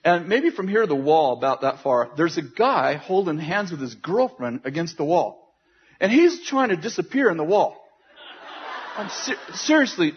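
A man preaching, telling a story in an animated way, often laughing and acting out what people said. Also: high-pitched, breathy edge. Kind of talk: sermon storytelling. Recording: dull lo-fi sound with faint noise.

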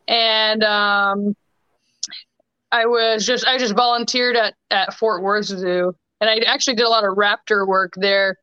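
Bright crisp-voiced young woman guest. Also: medium pitch, dry recording. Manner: chatty, quick bursts with many restarts and fillers. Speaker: podcast guest. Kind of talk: casual storytelling chat. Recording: dull lo-fi remote call audio.

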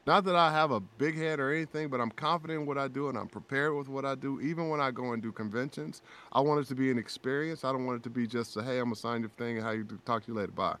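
A man sits in as a podcast guest and tells a moving story in an easy, conversational way. His voice sits at a middle pitch, and he acts out the lines of everyone in the story with real feeling. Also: fast, few pauses. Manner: emotional, animated retelling with acted quotes. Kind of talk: casual storytelling chat.

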